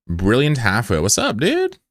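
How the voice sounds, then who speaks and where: A man's voice: medium pitch, huge pitch swings, a little slow, no echo. A man streaming live, chatting casually with his viewers, joking and swearing as he banters with chat.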